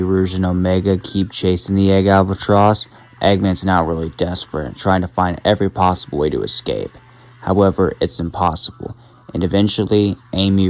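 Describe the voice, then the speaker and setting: A man who hosts his channel, narrating a fan-made story in a measured retelling style. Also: low-pitched, vocal fry, darkish tone, low-quality recording. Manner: measured retelling, leans on "however".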